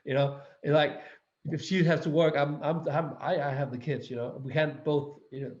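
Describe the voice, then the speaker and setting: Man, Danish accent, Danish native speaker, casual interview guest, halting and repetitive, echoey room, muffled audio. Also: fairly high pitch, little pitch movement. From Denmark. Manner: stop-start, repeating words while searching for them. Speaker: guest actor. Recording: roomy, slightly dull audio.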